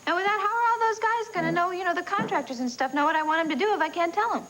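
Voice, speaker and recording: An anxious, insecure young wife. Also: female voice, very high voice, rapid-fire, a bit bright. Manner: nervous, self-doubting. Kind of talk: 1980s TV soap acting.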